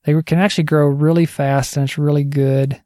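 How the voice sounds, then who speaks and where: A man's voice: a little high, little pitch movement, moderate pace, mellow, dry recording, clean studio sound. A man giving a casual spoken teaching update on discipling others, conversational and digressive, thinking aloud as he goes.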